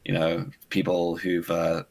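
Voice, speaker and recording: A man with a South African accent chatting casually as a guest on a stream. His voice sits fairly low, and he laughs often and jokes at his own expense. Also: a little slow, rough recording. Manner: animated, self-deprecating, laughs often. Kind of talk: casual chat.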